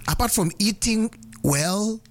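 A man with a Kenyan accent hosting a radio show in a lively, teasing way, rattling off listener names and phone numbers. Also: high-pitched, unhurried. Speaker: radio host. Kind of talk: casual radio chat with listener shout-outs.

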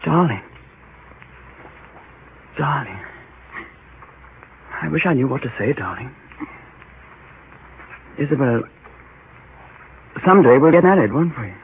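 An actor playing a sincere young gentleman who is both hero and narrator, speaking in an earnest, gentle way in an old radio drama. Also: mid-range voice, lively intonation, slow pace, pauses often. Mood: tender. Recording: narrow phone-like old radio broadcast with faint hiss.

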